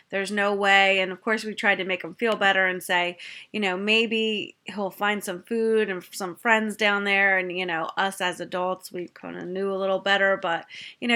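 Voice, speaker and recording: Bright-voiced young mom telling a story. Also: female voice, mid-range voice. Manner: chatty, full of fillers, acts out quoted family members. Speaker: mother telling a family story. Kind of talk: casual storytime.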